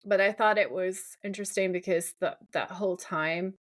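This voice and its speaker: A woman's voice: mid-range voice, steady tone, moderate pace. Casual woman recapping a TV episode. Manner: retells scenes by reading out lines, with many fillers. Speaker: podcast co-host.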